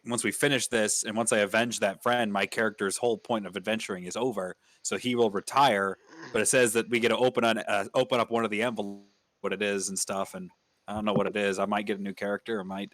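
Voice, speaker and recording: Low, quick-talking male player. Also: fairly even intonation, fairly bright tone, dry recording. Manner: rambling, hesitant, lots of fillers. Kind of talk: casual chat before a tabletop game.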